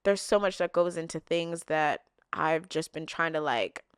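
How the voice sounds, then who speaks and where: A young woman talks straight to her viewers in a loose, heartfelt way, full of "like" and "you know." Her voice is smooth and clear. The sound is close and dry, with no room around it. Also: sits low, a little slow, dry recording. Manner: chatty, emotional, lots of likes and fillers. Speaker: vlogger answering viewer questions. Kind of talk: casual heartfelt chat to camera.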